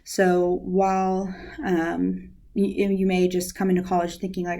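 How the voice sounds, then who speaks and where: A young university outreach specialist, unhurried and gravelly, with a lowish voice, guides a relaxed lesson on counseling skills. Ums and likes turn up all through her easygoing talk.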